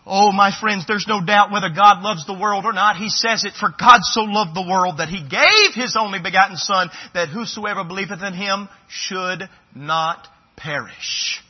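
Male pastor, high breathy voice, pleading then hushed; lo-fi, roomy church recording. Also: normal speed, hardly any pauses. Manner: swings from loud pleading to hushed earnest speech. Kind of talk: sermon. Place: church sanctuary. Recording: echoey church hall, dull lo-fi sound.

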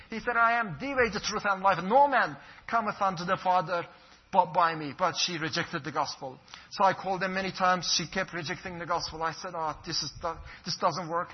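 A man's voice: high-pitched, a little fast, slightly rough. A man from Iran, a pastor giving an earnest, fervent personal testimony. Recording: dull lo-fi recording.

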